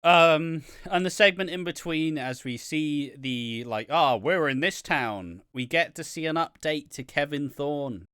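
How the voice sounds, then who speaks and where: Bright-voiced sarcastic man, casual podcast chat. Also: medium pitch, no echo, clean studio sound. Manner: sarcastic, profane, mock-enthusiastic. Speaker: podcast co-host. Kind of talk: casual chat reviewing wrestling.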